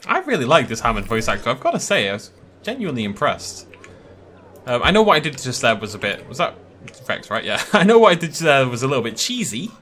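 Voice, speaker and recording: A man's voice: mid-range voice, wildly swooping pitch, fast talker, sharp tone. A young man giving casual, self-amused gameplay commentary from a desk mic, laughing often. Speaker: gaming YouTuber.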